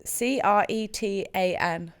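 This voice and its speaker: A woman's voice: medium pitch, takes it slowly, clean tone. Brief: West Country woman, casual podcast co-host, giggly, swears freely, reads facts aloud. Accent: West Country English. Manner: laughing, swearing, reading out facts. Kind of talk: casual chat.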